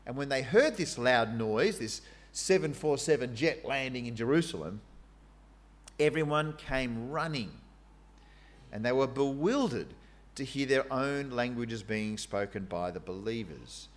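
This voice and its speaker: A man preaching a sermon in an animated, conversational way, with fillers and asides. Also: medium pitch, measured pace.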